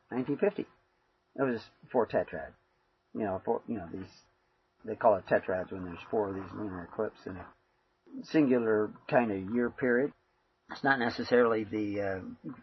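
A man's voice: medium pitch, breathy edge, muffled recording. A man giving a rambling, conversational sermon full of fillers. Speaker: preacher. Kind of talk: informal sermon.

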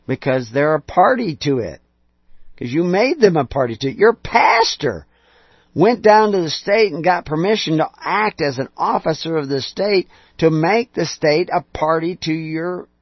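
A man's voice: medium pitch, breathy edge, dry recording. A man preaching an emphatic lecture, full of rhetorical questions and sarcastic asides, on a dull lo-fi recording.

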